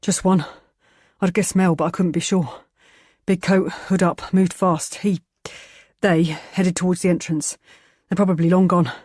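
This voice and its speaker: A woman's voice: on the low side, steady tone, unhurried, a little mellow, no echo, clean studio sound. A woman voicing a tough, protective young man who talks in terse, clipped bursts.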